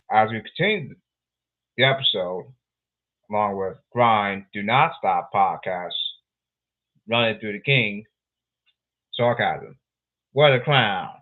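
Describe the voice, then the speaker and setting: Male podcast host, slow and lively, rambling and repetitive, tinny phone-quality audio. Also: fairly low pitch. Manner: rambling, excitable, repeats phrases. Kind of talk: casual solo podcast commentary.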